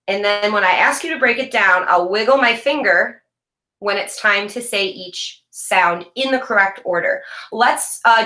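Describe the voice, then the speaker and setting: A woman teaches a reading video lesson to young children, with a bright, clear voice. She stretches her words slowly and clearly and praises often. The sound bounces around an echoey room. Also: mid-range voice. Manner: slow, clear, encouraging teacher talk with drawn-out words.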